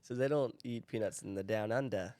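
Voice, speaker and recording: A man's voice: on the low side, a little mellow, no room sound. A man hosting a casual podcast chat, easygoing and curious, who asks plain questions. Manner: easygoing, curious, quick to laugh. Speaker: podcast host.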